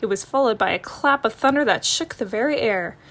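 A woman reading a children's picture book aloud, gentle and expressive as she tells the story. Her voice sits a bit high. She paces the story warmly for young listeners. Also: brisk.

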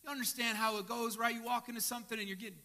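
Bright-voiced impassioned male pastor. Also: very high voice, steady tone, racing, gravelly. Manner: impassioned, swinging from hushed to shouting. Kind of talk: sermon.

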